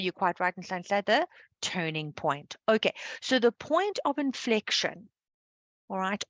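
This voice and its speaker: A woman's voice: mid-range voice, no room sound. A woman teaching a live online maths lesson, explaining patiently and checking understanding with a frequent "okay". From South Africa.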